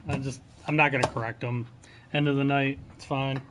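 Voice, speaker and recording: A man's voice: mid-range voice, brisk. A man who owns a game store, chatting casually on a livestream from his shop counter, answering viewers in an offhand way. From Ohio, USA. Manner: relaxed, offhand, answers chat questions. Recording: noisy store recording.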